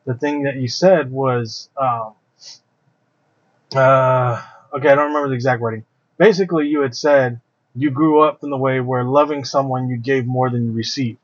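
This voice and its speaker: A man talks things through on a casual podcast, reflective and full of ums as he works out his point. His voice sits at an ordinary middle pitch. The sound is dry and a little dull. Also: steady tone, normal speed, no echo. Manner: thinking aloud, reflective, with fillers. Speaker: podcast co-host. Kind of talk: casual chat.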